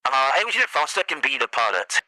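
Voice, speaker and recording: A man's voice: medium pitch, very animated, fairly quick, pushed and bright, no echo, low-quality recording. A man hosting a live stream, casually chatting and reading documents aloud. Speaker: streamer host.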